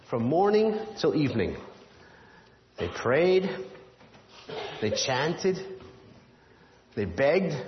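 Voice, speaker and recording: A man's voice: on the high side, slight background noise. Playful man telling a children's Bible story. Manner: playful, asks children questions, chuckles often. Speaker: children's Bible lesson leader. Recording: echoey hall, dull lo-fi sound.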